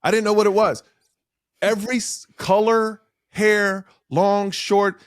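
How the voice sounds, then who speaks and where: A man's voice: high voice, unhurried, no room sound, studio quality. A man, a comedian guest, telling stories on a podcast over a video call, acting out the voices of people in his stories. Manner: animated, acts out quoted dialogue. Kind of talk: storytelling in a podcast interview.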